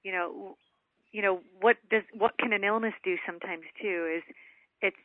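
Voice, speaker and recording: A woman's voice: medium pitch, steady tone, normal speed, no echo. Earnest woman author on a phone line. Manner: earnest, lots of "you know" fillers. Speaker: guest author. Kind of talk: casual spiritual conversation. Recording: tinny phone line, dry.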